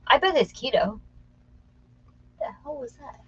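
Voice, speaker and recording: A woman's voice: high voice, very animated, a little slow, a bit bright, husky, dull audio. A woman co-hosting a reseller channel, chatting and joking casually while working.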